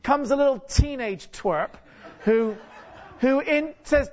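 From a church stage, a man serving as guest preacher gives a chatty, jokey sermon, repeatedly stopping to put rhetorical questions to the congregation, restarting sentences and repeating words. He speaks in a very high voice at a moderate pace, with long pauses. The recording is dull lo-fi.

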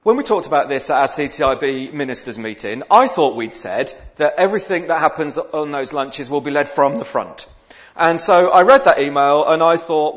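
A man's voice: a little high, expressive, normal speed, lo-fi sound. A male minister giving a sermon in a chatty, self-deprecating way. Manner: chatty and self-deprecating, with dramatic psalm reading. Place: church.

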